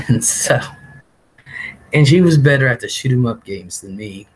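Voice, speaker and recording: Husky man rambling through a story. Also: mid-range voice, expressive, measured pace, poor audio. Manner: rambling, laughs often, swears casually. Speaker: livestream host. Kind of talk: casual storytelling.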